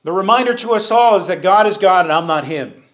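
A man preaching a verse-by-verse sermon in a church sanctuary, his voice sitting a little high for a man. He speaks earnestly, lifts his voice to stress his points and asks the congregation to finish his sentences. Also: lively intonation, brisk, a bit bright. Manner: earnest preaching, rising for emphasis, calls on the congregation to answer. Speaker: Bible teacher.

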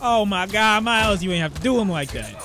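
A young man giving excitable, trash-talking commentary while playing a video game. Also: high-pitched, a little fast, music in the background. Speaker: gaming streamer. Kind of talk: let's-play commentary. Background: game soundtrack.

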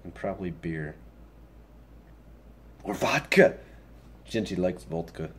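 A young man vlogging casually about his computer upgrade and daily routine, swearing freely and swinging between muttered asides and loud, upbeat advice. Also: deep voice, lively intonation, slow, slight background noise. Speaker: vlogger and streamer. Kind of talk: casual vlog.

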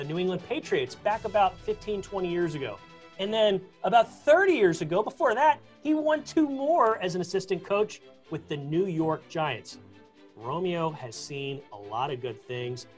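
Chatty, gushing man on a video call. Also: sits high. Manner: chatty and gushing, self-described gabber. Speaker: team insider guest. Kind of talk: casual chat.

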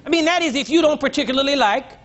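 An older man preaching a sermon to a congregation, teasing and blunt, rising to shouts and dropping low. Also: quick pace. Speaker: pastor. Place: church. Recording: dull lo-fi church recording, faint crowd.

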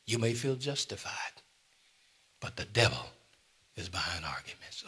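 Older preacher, husky bright voice. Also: male voice, on the low side, big pitch swings, moderate pace, pauses often. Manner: preaching with sudden loud emphasis and asides to the congregation. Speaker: pastor. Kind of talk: sermon. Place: church.

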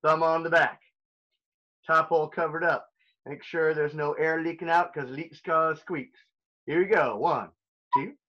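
A man's voice: a little high, steady tone, unhurried, muffled recording. A man teaching a recorded elementary music lesson, upbeat and playful as he talks straight to young children.

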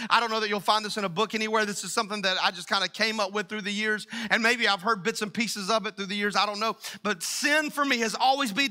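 A middle-aged man preaching a sermon as pastor, energetic and calling out to the congregation. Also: sits high.

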